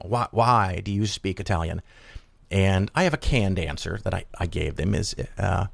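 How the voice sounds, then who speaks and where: Midwestern male host, deep gravelly voice, dry close sound, loose rambling chat. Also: a little slow, no echo. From Chicago area, United States. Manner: rambling, with many fillers and restarts. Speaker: podcast host. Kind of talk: casual chat.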